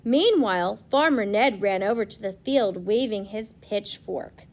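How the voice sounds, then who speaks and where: A young woman, a preschool teacher, reading a storybook aloud to children and gently asking them questions. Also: mid-range voice, animated, a little slow.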